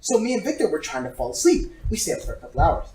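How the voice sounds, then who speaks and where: A man's voice: high voice, fast talker. A young man co-hosting a casual podcast chat, telling stories and mimicking his friends. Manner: animated storyteller, mimics friends. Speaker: podcast co-host. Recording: echoey room, far from mic.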